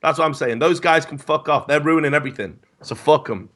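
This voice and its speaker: A man telling stories in casual podcast chat, animated and profane, often stammering as he starts. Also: a little high, fairly quick. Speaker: esports commentator guest.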